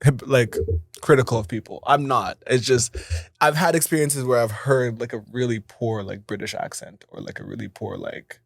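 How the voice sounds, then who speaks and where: A young man co-hosting a casual podcast, slangy and animated, with loud outbursts and laughter. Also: mid-range voice, moderate pace, gravelly, slightly rough, no room sound, studio quality. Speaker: podcast co-host. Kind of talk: casual chat.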